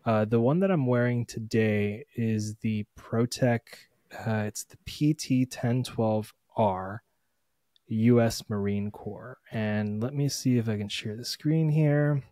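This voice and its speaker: A man's voice: medium pitch, slow, mellow, dry recording. A man co-hosting a podcast in casual chat, laid-back and full of fillers while he talks through a segment. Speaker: podcast co-host.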